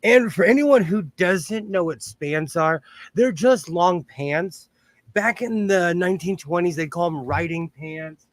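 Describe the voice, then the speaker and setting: A middle-aged man with a Southern Californian accent hosts a live sewing stream and greets viewers one by one. His voice sits a little high, and the sound is dry and close. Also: measured pace, no echo. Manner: chatty, greets viewers by name. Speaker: host of a sewing livestream. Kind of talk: casual livestream chat.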